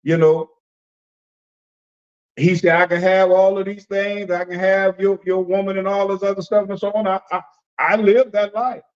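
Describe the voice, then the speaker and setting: A man preaches in an easy, conversational way, folksy and animated. He repeats phrases and slips into the voices of the people he quotes. The sound is dull and lo-fi, like a livestream. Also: sits high, moderate pace, clear, resonant tone. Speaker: apostle and preacher leading a discussion.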